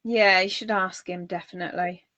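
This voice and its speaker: A woman's voice: on the low side, fairly even intonation, normal speed, bright, forceful tone, dry recording, muffled recording. A woman with a Northern English accent co-hosting a casual chat, enthusiastic and eager to recommend things. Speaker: podcast co-host.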